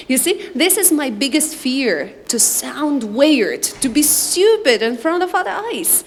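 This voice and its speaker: A woman's voice: sits high, normal speed. Uzbek-born woman teaching in a reverberant room. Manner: lively, animated, addresses class directly. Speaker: English teacher. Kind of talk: classroom instruction and anecdote. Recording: reverberant room, faint background noise.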